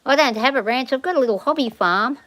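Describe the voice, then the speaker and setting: Australian woman, hobby farmer, rambling easygoing vlog chat outdoors, slightly high voice. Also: animated, fast talker, fairly bright tone, dry recording, poor audio. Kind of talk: casual vlog chat while doing farm chores. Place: outdoors on a small hobby farm.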